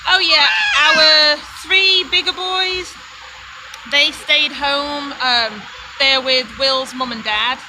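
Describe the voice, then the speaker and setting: A woman's voice: high voice, steady tone, slow, noisy background. A woman from Britain hosting a homesteading live stream, telling a road-trip story in a chatty way, laughing often and breaking off to talk to her children. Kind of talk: casual storytelling to viewers.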